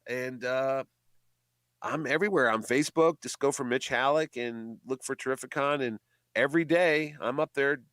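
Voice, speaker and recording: A man chats casually about running a comic convention, telling stories and acting out what others said. His voice sits at an ordinary middle pitch. It sounds dry, with little room echo. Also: normal speed, clean tone. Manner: chatty storyteller, animated quoting of others. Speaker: comic convention organizer, guest. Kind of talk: casual radio interview chat.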